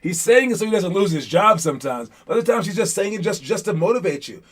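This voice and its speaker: A man's voice: high-pitched, lively intonation, fast talker, slightly rough. A young man coaching young basketball players in a casual, rambling motivational talk full of fillers and restarts.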